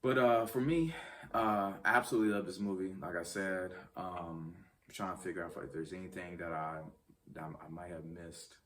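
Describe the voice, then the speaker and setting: Heard through a distant mic with a bit of hiss or hum, this man speaks low, steadily, and somewhat brightly at a moderate pace. On his casual film review channel he addresses viewers directly, rambling, full of ums and restarts.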